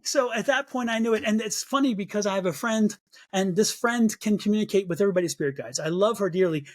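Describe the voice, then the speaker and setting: A man's voice: high voice, quick pace. A man who works as a psychic medium, telling a story as an interview guest, acting out his own reactions and often repeating words as he restarts. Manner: animated, acts out his own past reactions in a raised voice.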